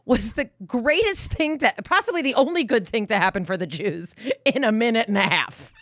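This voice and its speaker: A woman hosting a podcast who chats in a lively, teasing way, laughs often, and reads the sponsor ads herself. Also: a little high, a little slow, pauses often, dry recording. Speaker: podcast host. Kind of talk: casual chat and read ads.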